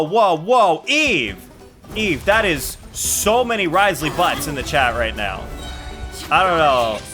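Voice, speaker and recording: A man streaming a game, chatting casually and excitably with his viewers. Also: medium pitch. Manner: excitable, jokey, reacting to chat. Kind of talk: casual live-stream chat.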